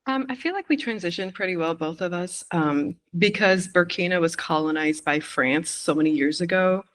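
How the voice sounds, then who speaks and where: A woman from Quebec, Canada, talking as a missionary guest in a casual interview, easygoing and quick to laugh, pausing with "um". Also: fairly low pitch. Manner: easygoing, laughs often, pauses with "um".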